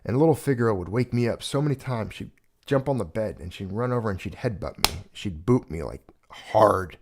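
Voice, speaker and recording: A man's voice: lowish voice, expressive, a little fast. A man hosting a casual livestream, talking in a rambling, earnest way and getting choked up at times. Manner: rambling, earnest, emotional when speaking of a lost pet. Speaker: livestream host.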